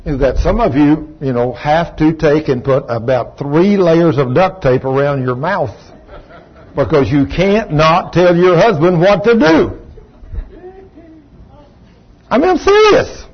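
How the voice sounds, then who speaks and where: A man's voice: on the high side, a little slow, husky. A pastor in his sixties preaching a sermon, telling folksy, joking stories about his marriage. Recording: dull lo-fi recording.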